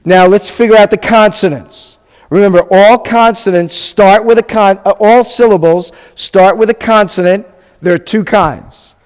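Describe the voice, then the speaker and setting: In a large hall with a live class, a rabbi teaches Hebrew, patiently spelling things out and frequently checking in with his students. His high voice is clear and resonant, and he speaks at a moderate pace.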